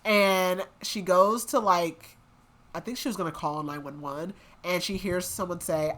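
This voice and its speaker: A young woman co-hosting a book podcast, casually retelling a novel's plot with lots of "like" and "um" fillers and quick acted-out quotes. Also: fairly low pitch, fairly bright tone. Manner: chatty, lots of "like" and "um", acts out quotes.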